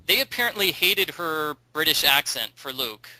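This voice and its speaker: Bright chatty man in a dry room. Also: fairly high pitch, lively intonation, normal speed, dry recording, poor audio. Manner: chatty, digressive, thinks aloud with ums. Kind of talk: casual chat.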